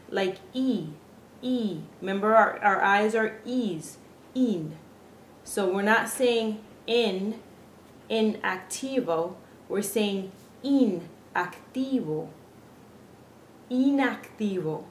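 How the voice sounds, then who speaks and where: A woman gives a pronunciation lesson in a slow, unhurried way. She patiently says each word twice for the listener to copy. Her voice carries an echo from the room, with a faint hum of noise behind it. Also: mid-range voice. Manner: patient, repeats words slowly for practice. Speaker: Spanish pronunciation teacher.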